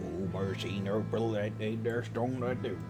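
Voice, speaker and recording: A man's voice: fairly low pitch, normal speed, over music, close to an everyday voice. A man voicing an old rustic male gardener with a put-on West Country accent, rambling in folksy dialect. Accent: West Country English, put on.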